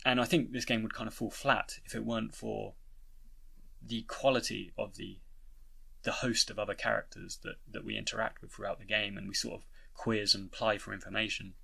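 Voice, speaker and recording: Gravelly British man reviewing a game. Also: lowish voice, little pitch movement, brisk, sharp tone. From Britain. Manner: rambling, frequent "you know" and restarts. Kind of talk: casual spoken video essay.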